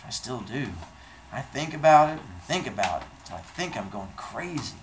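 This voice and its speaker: Male teacher, reads a novel aloud to his class, lively pitch, roomy classroom sound, faint background hum. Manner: expressive reading aloud, acting out dialogue. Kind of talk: reading a novel aloud to a class, then discussion.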